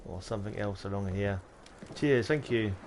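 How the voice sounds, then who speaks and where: A man's voice: lowish voice, normal speed, a little mellow, a little hiss or hum. Chatty man muttering while gaming. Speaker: game streamer. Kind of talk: casual livestream chat while playing.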